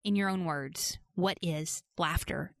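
A woman's voice: fairly low pitch, takes it slowly, creaky, dry recording, studio quality. A woman from Georgia in the US hosting a casual interview. She tells stories in a playful, self-mocking way. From Georgia, USA. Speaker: podcast host.

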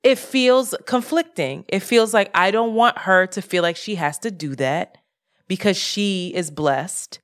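A woman co-hosting a podcast, talking casually in a profane, animated rant about money and frustration. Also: mid-range voice, a little slow. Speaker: podcast co-host. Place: lives in Brooklyn.

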